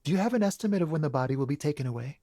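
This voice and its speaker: A quiet, wary young smoker. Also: male voice, a little high, expressive, rapid-fire, no echo, studio quality. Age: young adult. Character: nervous young man smoking on a balcony.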